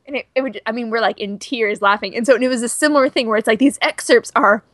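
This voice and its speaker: A woman's voice: a little high, fast talker, fairly bright tone, dry recording, clean studio sound. A woman co-hosting a podcast in casual chat, gushing and chatty with lots of fillers. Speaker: podcast co-host.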